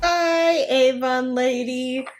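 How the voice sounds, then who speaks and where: A woman with a high voice talks in a casual, sarcastic way as she reacts to clips. She tells stories animatedly, acting out the other people in them. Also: drawn-out words, faint music behind. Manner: sarcastic, reacting with groans and laughter; animated, acts out other people's lines in story. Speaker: anti-MLM commentary YouTuber. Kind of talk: casual commentary and storytime.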